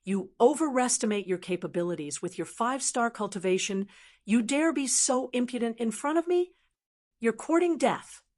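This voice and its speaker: A woman's voice: a little high, lively intonation, normal speed, darkish tone, natural voice. A woman voicing an arrogant, mocking male sect elder in an audiobook, in a sneering manner. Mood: contemptuous. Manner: sneering, laughs at others.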